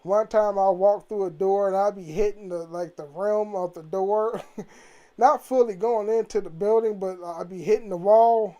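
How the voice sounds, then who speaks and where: A man's voice: high-pitched, mellow. A man vlogging from home about old games in a casual, profane, rambling way, laughing often. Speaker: gaming vlogger.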